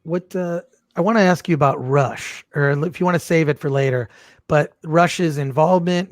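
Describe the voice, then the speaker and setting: A man's voice: a little high, normal speed, dry recording, clean studio sound. A man hosting an online watch party, joking around and reading viewer comments aloud on a video call. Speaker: host. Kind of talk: casual watch-party chat.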